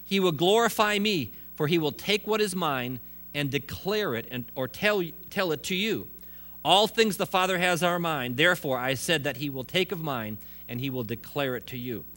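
A man's voice: on the high side, lively intonation, normal speed, fairly bright tone. A man preaching a sermon in a conversational way, with restarts and joking asides. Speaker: pastor.

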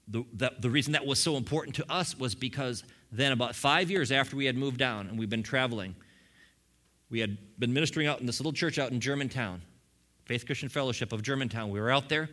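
Middle-aged male pastor, bright and forceful, animated sermon storyteller. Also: mid-range voice. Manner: animated storytelling with humorous asides. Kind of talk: sermon testimony.

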